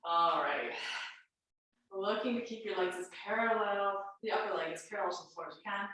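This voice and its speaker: A woman's voice: mid-range voice, brisk, bright, forceful tone. Congested woman coaching in an echoey room. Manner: chatty, reassuring coaching cues. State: congested, nasal. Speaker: fitness instructor. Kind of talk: guided home workout instruction. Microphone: camera mic at a distance. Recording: very echoey room, voice far from mic.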